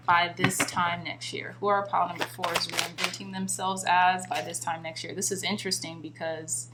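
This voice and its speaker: A woman's voice: fairly low pitch, bright, forceful tone, a little hiss or hum. A woman reading tarot for her viewers, chanting repeated calls to spirit in an earnest, emotionally moved way, recording herself on camera. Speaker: tarot card reader. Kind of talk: pick-a-card tarot reading.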